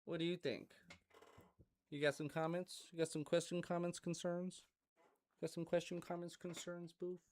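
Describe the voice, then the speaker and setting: A man's voice: on the high side, level tone, normal speed, a little mellow. A man hosting a podcast in a casual, rambling monologue, swearing freely and talking to his dog. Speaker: podcast host.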